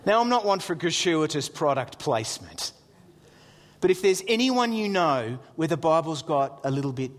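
A middle-aged man, preaching a sermon as a pastor with lively storytelling and jokey asides. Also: a little high, moderate pace, big-room sound.

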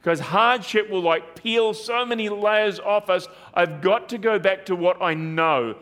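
A pastor delivers a sermon in a fairly high, slightly bright voice, speaking a little slowly. He preaches earnestly, repeating phrases and posing rhetorical questions to his listeners.

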